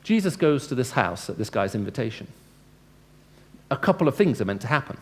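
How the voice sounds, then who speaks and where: At medium pitch and a fairly quick pace, this Christian speaker's voice moves through big pitch swings. He addresses a live audience with a conversational evangelistic lecture, quizzes his listeners, and acts out exchanges in changing tones.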